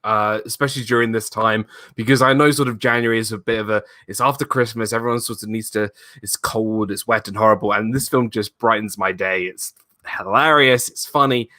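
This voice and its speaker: Man, enthusiastic, laughs a lot, bright tone, dry sound, live chat. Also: lowish voice, steady tone, brisk, dry recording. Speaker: co-host. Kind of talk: casual live-stream chat.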